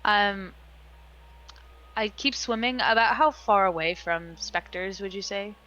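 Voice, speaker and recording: A woman's voice: medium pitch, a little slow, bright, forceful tone, dull audio. A woman playing a tabletop game, describing her character's actions hesitantly and thinking aloud. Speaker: player.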